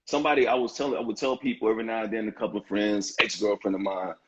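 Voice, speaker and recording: A man's voice: fairly low pitch, fairly even intonation, very fast, fairly bright tone, husky, highs cut off. A man in his fifties, a guest in a live-streamed interview, talking in an emphatic, heartfelt way with frequent restarts and repeated phrases. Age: 50s. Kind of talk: earnest conversational interview talk.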